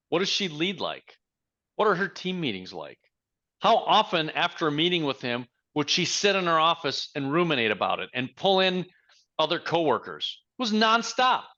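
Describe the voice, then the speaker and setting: Giving a motivational speech, this leadership coach speaks in a bright, forceful voice that sits a little high. His emphatic delivery relies heavily on rhetorical questions, heard through muffled, low-fidelity audio.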